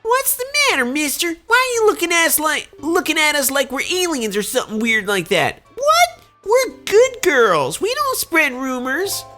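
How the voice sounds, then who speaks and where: A man's voice: very high voice, wildly swooping pitch, moderate pace, pushed and bright, soft background music, voice pushed up, heavily acted. A man voicing a snippy gossiping young girl while playing a video game. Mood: defensive. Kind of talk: let's play voicing game dialogue.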